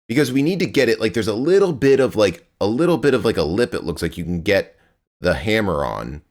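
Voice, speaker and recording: A man's voice: lowish voice, sing-song, a little fast. A young man streaming a game live, chatting with his viewers in a rambling, playful way and grunting as he plays.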